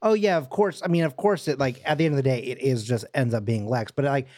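A man's voice: medium pitch, fast talker, darkish tone, no echo, studio quality. A man co-hosting a casual movie podcast, rambling playfully with many fillers. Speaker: podcast co-host.

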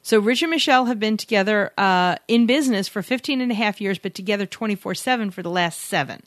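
A woman's voice: medium pitch, fast talker, no room sound, clean studio sound. A woman co-hosting a podcast, chatting casually and teasing her co-host, often rambling and contradicting him. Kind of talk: casual banter and interview.

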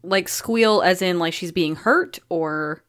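A woman with a slightly low voice plays her character in a tabletop role-playing session. She speaks casually and hesitantly, often trailing off mid-thought. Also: slow, fairly bright tone. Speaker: player.

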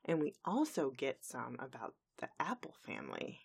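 Low-voiced woman recapping a cartoon. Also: huge pitch swings, normal speed, creaky, slightly rough. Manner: chatty, recaps scenes with frequent fillers. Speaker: podcast co-host. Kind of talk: casual podcast episode review.

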